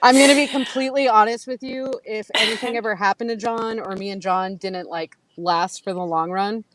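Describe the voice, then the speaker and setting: A woman in her thirties chatting casually, telling lively stories and acting out quotes with frequent laughter. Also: mid-range voice, fairly quick, no room sound, poor audio. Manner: animated storytelling, acts out quotes, laughs often. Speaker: guest. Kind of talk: casual chat.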